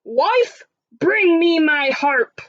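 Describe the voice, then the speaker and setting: A woman voicing a huge wicked male giant who bellows his lines slowly, drawn out like a chant. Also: on the high side, lively intonation, highs cut off, exaggerated voice. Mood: bellowing.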